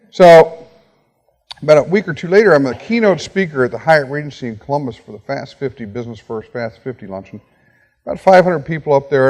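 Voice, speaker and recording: A middle-aged man speaks to a university audience in a large hall, and a long reverb trails each phrase. His voice sits at an ordinary pitch. He tells his story with energy and acts out each exchange of dialogue. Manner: animated storyteller acting out quoted dialogue. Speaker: guest speaker.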